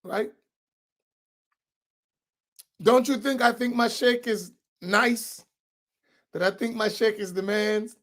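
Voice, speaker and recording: A man's voice: high voice, takes it slowly, pauses often, fairly bright tone. A man, an imam giving an informal religious class, who talks in a conversational way, keeps checking in with his listeners and repeats key points for emphasis.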